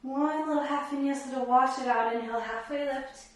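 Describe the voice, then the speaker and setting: A woman yoga instructor guiding a class, giving calm, encouraging cues paced with the breath. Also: high-pitched, brisk, recorded from a distance. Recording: very echoey room, voice from off the mic.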